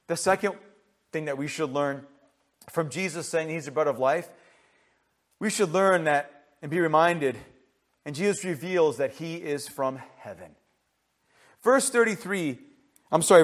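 A man preaching a sermon, reading scripture aloud, asking the listeners questions and swinging between loud emphatic bursts and hushed low lines. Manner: reads scripture aloud and asks rhetorical questions. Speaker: pastor.

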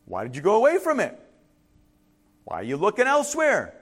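A man preaching a sermon in a high voice that swings widely in pitch. He moves from relaxed storytelling to emphatic, pressing preaching. A middle-aged pastor addressing his congregation. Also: a little fast.

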